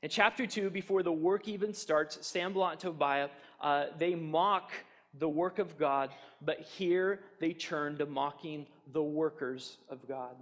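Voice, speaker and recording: A man's voice: on the high side, a little slow, hardly any pauses. A man preaching a sermon as pastor, earnest and emphatic, often repeating his points. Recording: long hall reverb.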